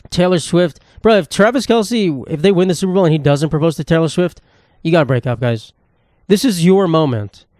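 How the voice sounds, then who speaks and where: Young guy ranting on his podcast, kinda high voice, bone dry close mic. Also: darkish tone, no room sound. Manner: rambling, sarcastic, profane. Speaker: podcast host. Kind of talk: solo comedic podcast rant.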